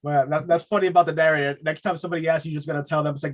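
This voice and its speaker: A man hosting a casual podcast interview, enthusiastic and quick to laugh, often repeating himself. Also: a little high, fairly even intonation. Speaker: podcast host.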